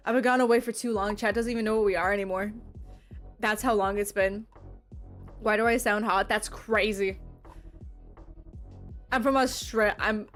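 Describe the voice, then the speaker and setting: A young woman streaming as a VTuber, chatting casually with her viewers, rambling and laughing often. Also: medium pitch. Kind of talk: casual livestream chat, reading and answering chat.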